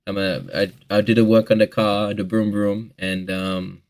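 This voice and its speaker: A man's voice: lowish voice, little pitch movement, normal speed, darkish tone. A twenty-year-old Australian man answering viewer questions in a rambling, joking casual chat, swearing freely.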